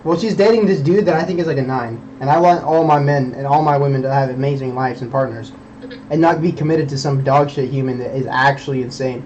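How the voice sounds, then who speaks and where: A man's voice: mid-range voice, quick pace, a little mellow, highs cut off, slight background noise. A young man streaming, rambling in casual chat, swearing a lot and preaching about belief.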